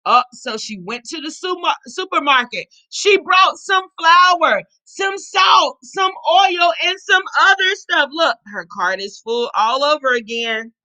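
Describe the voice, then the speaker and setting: A woman's voice: sits high, animated, unhurried, few pauses, sharp tone, poor audio. A woman teacher reading a picture book aloud to children, explaining words and asking her listeners questions. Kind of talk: animated storybook read-aloud.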